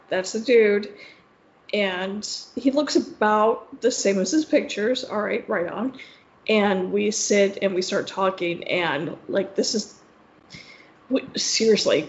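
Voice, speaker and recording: A young woman co-hosting a podcast, rambling through a story with lots of swearing and "like". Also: medium pitch. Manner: rambling, swearing, heavy use of "like". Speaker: podcast co-host. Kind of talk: casual storytelling chat. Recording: roomy, slightly dull sound.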